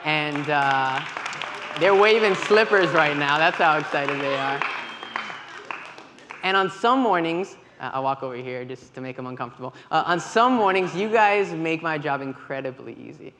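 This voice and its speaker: A man giving a church talk, telling lively stories with quoted dialogue. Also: on the high side, normal speed, crowd noise, background noise. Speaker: volunteer leader with kids. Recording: long hall reverb, faint ambience.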